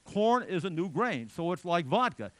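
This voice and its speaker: A man's voice: high-pitched, sing-song, normal speed, a bit bright, no room sound. A middle-aged man giving a public lecture in a chatty, digressive way with joking asides.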